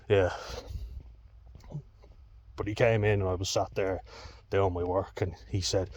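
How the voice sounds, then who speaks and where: A man's voice: low voice, fairly even intonation, unhurried, long pauses, darkish tone. A man telling a personal story in a blunt, candid way, swearing often. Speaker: vlogger.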